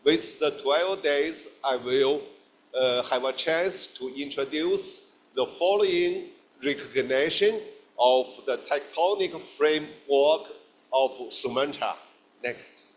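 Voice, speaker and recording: A middle-aged man from China with a Chinese accent, giving a guest lecture in halting English full of fillers and restarts. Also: on the high side.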